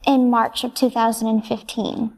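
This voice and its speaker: Soft-spoken hesitant young woman, gravelly. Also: on the high side, flat delivery, normal speed. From United States. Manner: soft, hesitant, brief answers with many ums. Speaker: interviewee. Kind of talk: answering interview questions.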